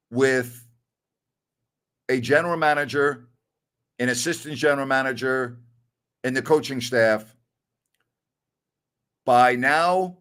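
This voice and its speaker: Opinionated middle-aged sports talk host. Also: male voice, medium pitch, a bit bright. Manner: blunt, opinionated, laughs while telling stories.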